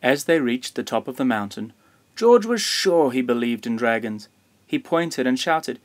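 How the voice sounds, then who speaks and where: A man reading a children's picture book aloud in a gentle, measured storytelling voice. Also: mid-range voice, lively intonation. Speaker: storybook reader.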